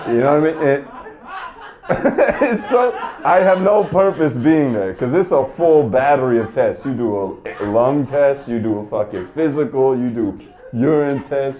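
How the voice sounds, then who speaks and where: A man's voice: mid-range voice, expressive, normal speed, dull audio. A man performing a stand-up comedy set, telling stories in an exasperated, profane way.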